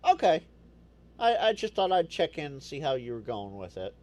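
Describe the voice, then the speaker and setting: A man's voice: a little high, big pitch swings, normal speed, a little mellow. Rambling male livestream host. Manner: rambling, stammers and repeats words. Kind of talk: casual livestream chat.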